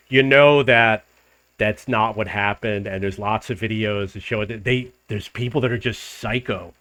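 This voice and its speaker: A middle-aged man from the United States, telling a story in a casual monologue and acting out the arguments he quotes. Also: medium pitch. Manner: animated retelling, acts out quoted arguments. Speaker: travel vlogger.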